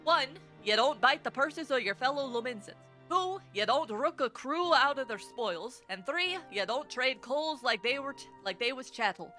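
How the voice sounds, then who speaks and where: A woman's voice: high voice, animated, moderate pace, few pauses, bright, forceful tone, faint music behind. A woman voicing a swaggering male rogue guildmaster, reading game dialogue aloud in a thick put-on Scottish-style accent. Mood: lecturing.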